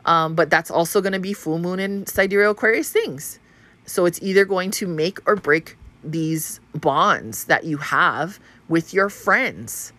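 A woman's voice: fairly low pitch, a little slow, pushed and bright. A woman from Hawaii hosting a casual spiritual podcast monologue, chatty and profane, laughing often. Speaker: podcast host.

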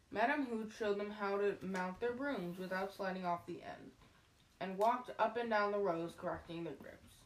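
A woman reading a novel aloud in a lively, expressive way, often correcting herself, recorded at a distance in a roomy space. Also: mid-range voice. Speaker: reader. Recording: roomy, distant mic, faint noise.

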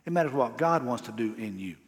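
A man's voice: medium pitch, lively intonation, a little fast. A man pastor preaching a sermon in a casual, emphatic way with slangy asides. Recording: long hall reverb.

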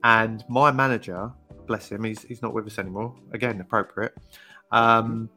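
A man's voice: lowish voice, steady tone, moderate pace, sharp tone, soft background music. A man co-hosting a casual podcast, telling stories and acting out the voices of people he quotes. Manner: storytelling, acts out quoted voices. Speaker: podcast co-host. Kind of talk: casual chat.

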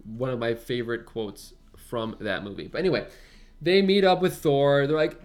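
A man's voice: mid-range voice, moderate pace, soft background music. A man casually recapping a movie plot on a podcast, acting out quotes and laughing often. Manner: animated retelling, laughs often, acts out quotes. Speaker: podcast co-host.

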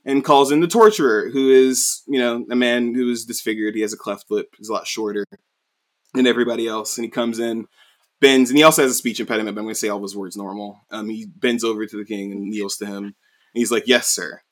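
A man's voice: medium pitch, fairly even intonation, fairly quick. A man casually recapping a story, rambling with lots of fillers and swearing. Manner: profane, rambling, many fillers. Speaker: anime recap host.

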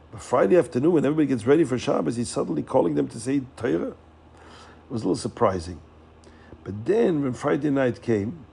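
Male storyteller, animated and repetitive, warm gravelly tone. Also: medium pitch. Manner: animated, repeats words and acts out characters' lines. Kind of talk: telling a Hasidic story.

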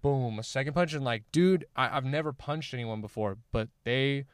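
A man's voice: mid-range voice, normal speed, clear, resonant tone, no room sound, clean studio sound. A young man telling a story in casual chat, rambling and swearing, with lots of "like" fillers. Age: young adult. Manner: rambling, swearing, heavy use of "like". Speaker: guest, former college athlete.

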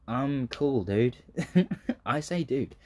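A man's voice: medium pitch, expressive, drawn-out words, warm tone. Laid-back young southern English man. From southern England. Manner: swears freely, laughs often, trails off into tangents. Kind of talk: casual rambling monologue.

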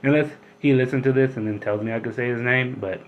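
A man's voice: mid-range voice, steady tone, fast talker, lo-fi sound, a little hiss or hum. A man hosting his own podcast alone, ranting bluntly and with a lot of swearing, and he gets worked up as he talks. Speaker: podcast host. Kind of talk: casual ranting monologue.

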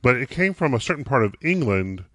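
A man's voice: medium pitch, sing-song, brisk, fairly bright tone, no echo, studio quality. A man co-hosting a podcast in casual chat, playful and tossing in pirate growls. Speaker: podcast co-host.

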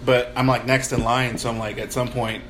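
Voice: mid-range voice, little pitch movement, normal speed, fairly bright tone. A podcast host in a casual chat, joking and telling stories animatedly. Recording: audible background noise.

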